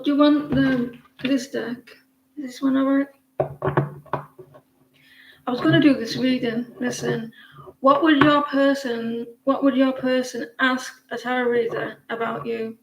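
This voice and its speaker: A woman with a slightly high voice hosts a live tarot reading and chats loosely with her viewers. She rambles and trails off, often restarting her sentences. The room is echoey, with a faint hiss underneath. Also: gravelly. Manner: rambling and chatty, with frequent restarts. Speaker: tarot reader hosting a live stream. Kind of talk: casual live-stream chat with viewers.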